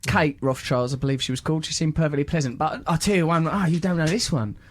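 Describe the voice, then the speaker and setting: High-voiced man telling stories. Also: fast. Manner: lively anecdotal storytelling, mock voices, sweary. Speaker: podcast host. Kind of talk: casual chat, storytelling.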